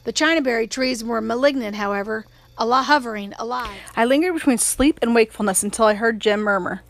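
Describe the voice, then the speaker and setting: A woman narrating an audiobook in a steady, measured voice, pitched somewhat high. The recording is close and dry, with no room sound. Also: no room sound. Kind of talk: audiobook reading.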